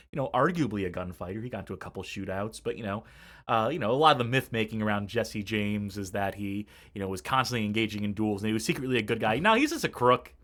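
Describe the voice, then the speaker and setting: A man's voice: on the low side, fairly bright tone. A man hosting a casual game stream, rambling with lots of fillers and self-corrections and chuckling often. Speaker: stream host.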